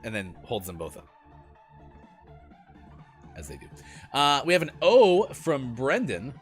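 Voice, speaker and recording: A man's voice: medium pitch, a little slow, faint music behind. A man hosting a casual morning gaming show, joking and reading out chat messages. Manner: joking, lively, reads chat aloud. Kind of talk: casual live-stream banter.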